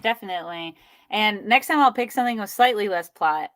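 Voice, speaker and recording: A young woman co-hosting a casual podcast chat in a relaxed, agreeable way. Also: medium pitch, fairly quick. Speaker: podcast co-host.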